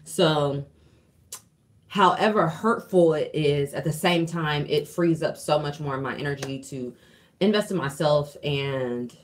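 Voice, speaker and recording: Young woman, livestream vlogger; low, slangy, candid, swears a lot. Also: unhurried. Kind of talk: casual livestream chat. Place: at home.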